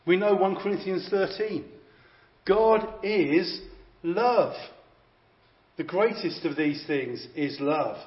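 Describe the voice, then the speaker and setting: A man's voice: sits high, takes it slowly, long pauses. A man preaching a sermon, emphatic and repeating phrases for effect. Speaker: visiting preacher. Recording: echoey, slightly dull hall recording.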